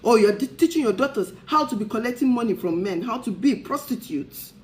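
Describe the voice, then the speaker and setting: A woman's voice: on the high side, lively intonation, a little fast, darkish tone, low-quality recording. A woman hosts a talk show and delivers her message like a sermon. She presses her point with a string of repeated rhetorical questions, speaking with conviction. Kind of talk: impassioned preaching-style talk.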